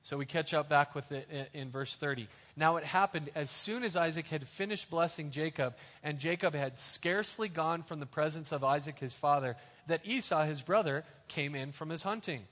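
A man preaching a sermon, explaining scripture in plain, conversational words and speaking slowly and deliberately. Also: a little high, a bit bright. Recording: reverberant hall, dull lo-fi sound.

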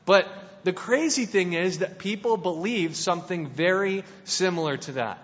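High-voiced man preaching in a reverberant hall. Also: moderate pace, fairly bright tone. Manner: playful and conversational, with many restarts. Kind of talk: casual sermon. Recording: dull, lo-fi sound in a reverberant hall.

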